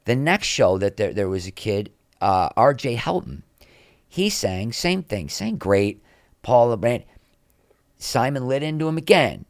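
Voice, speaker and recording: A middle-aged actor speaks unhurriedly at a medium pitch in a clean studio recording with no echo. Guesting on a podcast, he shares candid behind-the-scenes stories with animation, acting out others' quotes.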